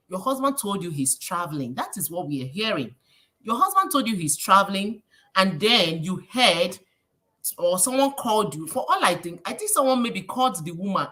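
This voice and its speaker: A woman with a Nigerian accent hosting a casual livestream, preachy and lively, slipping in Pidgin phrases. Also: medium pitch, moderate pace. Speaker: livestream host.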